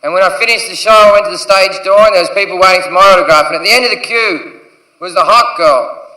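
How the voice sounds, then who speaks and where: A thirtysomething Australian stand-up comic performs a crude bit on a theatre stage, impersonating the people in his story. He talks fast in a high, bright, forceful voice, captured from afar in an echoey theatre.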